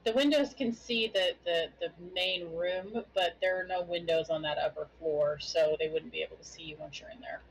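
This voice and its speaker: A woman's voice: on the low side, moderate pace, few pauses, slight background noise, poor audio. A woman running a tabletop game online, answering players' questions about the map. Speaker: game master.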